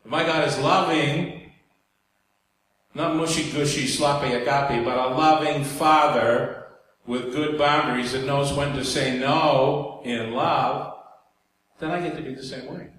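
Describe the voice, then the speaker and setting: A man's voice: medium pitch, steady tone, measured pace, a bit bright. A man preaching a sermon in a conversational way, with asides and jokes to the congregation. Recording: very echoey hall, faint background noise.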